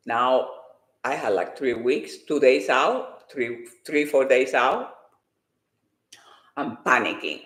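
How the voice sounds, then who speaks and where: A woman and fitness competitor giving an emotional, animated personal faith testimony. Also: rumbling low, slow, long pauses, echoey room.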